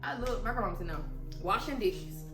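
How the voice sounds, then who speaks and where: A woman co-hosting a vlog, telling stories in a casual, animated way, full of swearing and frequent laughter. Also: a little high, moderate pace. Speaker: vlog co-host. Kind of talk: casual storytelling. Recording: roomy sound with music behind.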